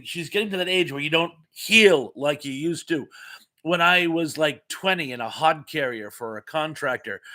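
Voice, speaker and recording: Bright-voiced middle-aged man hosting a chat. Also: on the high side. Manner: chatty, rambling storyteller who repeats words and restarts. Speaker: live chat host. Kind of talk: casual live-stream chat reading viewer comments. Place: home.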